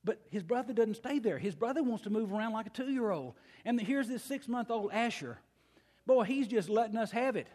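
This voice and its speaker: An older man preaching a sermon, telling a folksy family story with slow, emphatic pauses. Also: sits high, animated, darkish tone. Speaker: pastor. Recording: long hall reverb.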